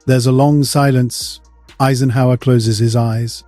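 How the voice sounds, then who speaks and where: A man's voice: medium pitch, fairly even intonation, normal speed, mellow, no room sound, faint music behind. A man narrating a dramatic history story in the present tense.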